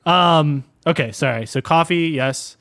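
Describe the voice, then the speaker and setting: A man's voice: a little high, measured pace, fairly bright tone, dry recording, clean studio sound. A young man in his twenties co-hosting a podcast, chatting casually with playful, joking banter. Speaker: podcast co-host. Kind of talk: casual chat.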